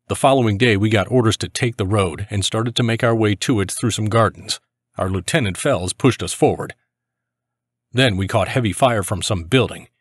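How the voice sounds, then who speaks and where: A man with a fairly low voice narrates a first-person memoir, steady and grave throughout. The recording is dry and close, with no room sound around him. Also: dry recording. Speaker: narrator reading a soldier's memoir.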